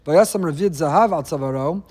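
A man's voice: on the high side, a little fast, darkish tone, slightly rough, long reverb tail. A man teaching a weekly Torah class, with wry asides and jokes.

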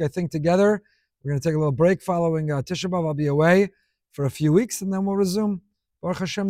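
Guy rabbi teaching torah, high voice, dry close sound, really leans on repeating himself. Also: dark tone, dry recording. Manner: emphatic, piles up repeated phrases. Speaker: rabbi teaching a weekly class. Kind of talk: Torah lesson.

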